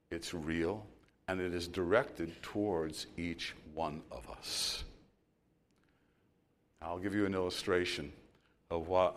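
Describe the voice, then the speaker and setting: Storytelling man preaching a sermon. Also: sits low. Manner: storytelling preacher, builds to loud emphasis then drops soft. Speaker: pastor.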